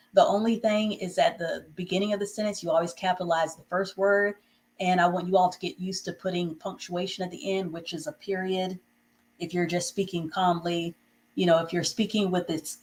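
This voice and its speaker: A woman teaching a live online reading class, praising students and dictating short sentences slowly and clearly. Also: lowish voice, poor audio. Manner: slow, encouraging, drawn-out dictation of sentences.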